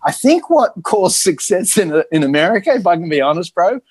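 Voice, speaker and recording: A man with an Australian accent, a pastor telling his story in a casual interview, lively and joking, often repeating words as he gets going. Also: sits high, a little fast, husky, no echo. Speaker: pastor, podcast guest.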